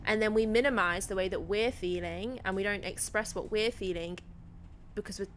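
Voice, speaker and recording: A woman guest on a podcast, a grief educator, explains her ideas earnestly. Her voice has a bright, forward tone, with a faint hiss underneath. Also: medium pitch, moderate pace. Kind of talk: podcast interview.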